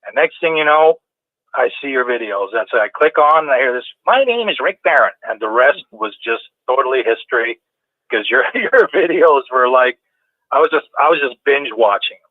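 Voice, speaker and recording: A man's voice: medium pitch, normal speed, no room sound. A man calling in to a talk show, chatting casually and rambling with many restarts. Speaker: caller. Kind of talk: casual call-in chat. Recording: tinny phone line.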